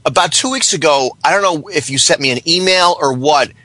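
A man's voice: fairly high pitch, a little fast, pushed and bright, dry recording. A man calling in to a podcast, rambling and stammering through his stories. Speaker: caller. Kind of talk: casual phone-in chat.

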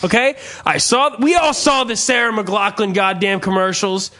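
A man's voice: sits high, normal speed, pushed and bright. A man hosting a casual podcast, ranting profanely and telling stories with sarcastic asides. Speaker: podcast host. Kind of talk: profane comedic rant.

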